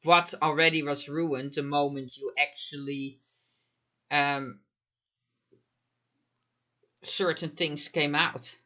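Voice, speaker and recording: A man's voice: on the high side, level tone, slow pace, long pauses, pushed and bright, highs cut off. A man commenting live in a casual chat, emphatic, firing off rhetorical questions and frequent fillers. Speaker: mental health commentator.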